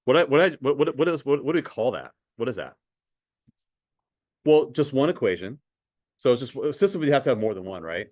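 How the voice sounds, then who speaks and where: A man's voice: mid-range voice, very animated, brisk, long pauses, a little mellow, no echo, studio quality. A man teaching a math class in a conversational way, asking students questions and often repeating words. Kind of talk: classroom lecture.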